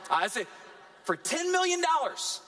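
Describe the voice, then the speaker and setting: With a high voice, a male pastor gives a spirited sermon marked by dramatic pauses.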